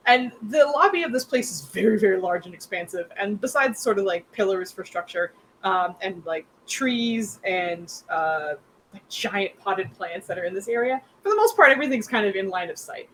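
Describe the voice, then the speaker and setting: A woman's voice: mid-range voice, lively intonation, normal speed, fairly bright tone, a little hiss or hum, rough recording. A young woman narrating as game master in a rambling, filler-heavy, giggly way.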